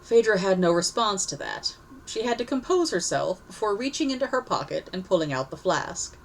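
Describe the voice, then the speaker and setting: Expressive woman reading a story. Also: mid-range voice, normal speed, a little hiss or hum, poor audio. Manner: expressive reading with self-corrections. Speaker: story reader. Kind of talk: storybook narration.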